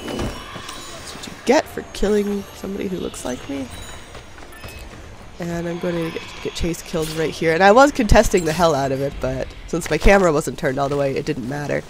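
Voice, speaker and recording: A man's voice: fairly high pitch, animated, moderate pace, vocal fry, a little hiss or hum. Stuffy-nosed young man commentating gameplay. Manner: chatty, self-deprecating, laughs often. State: stuffy nose from a cold. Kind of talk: casual voice-over game commentary. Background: faint background music.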